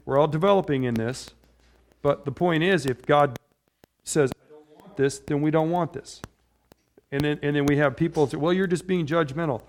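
In a voice a little on the high side and at a moderate pace, a middle-aged pastor gives a relaxed, conversational sermon. He keeps drifting into personal stories and frequently asks "right?" to check in.

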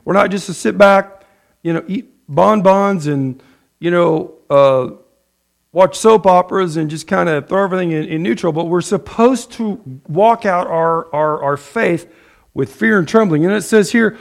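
A man's voice: high-pitched, unhurried, creaky. A middle-aged man preaching a sermon in a loose, conversational way, full of fillers and restarts, acting out people's prayers. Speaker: pastor.

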